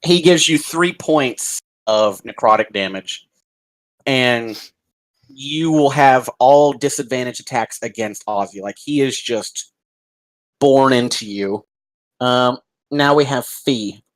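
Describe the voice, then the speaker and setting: A man narrating and running a tabletop game as game master, in a calm, deliberate way. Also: medium pitch, poor audio.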